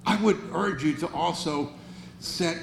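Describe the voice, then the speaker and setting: A man's voice: on the high side, measured pace, gravelly. A man in his sixties giving a motivational speech at a banquet, earnest and wry, often restarting his phrases. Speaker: banquet speaker. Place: banquet hall. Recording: roomy hall, faint noise.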